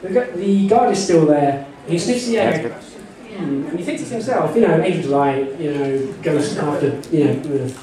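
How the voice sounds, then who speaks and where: A man with a high voice narrates a live text-adventure game as game master, joking and rambling with frequent asides. He is recorded from far off in a very echoey hall, with a crowd audible around him. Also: expressive, normal speed. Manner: jokey and rambling, full of "you know" asides, laughing often. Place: convention panel room with an audience.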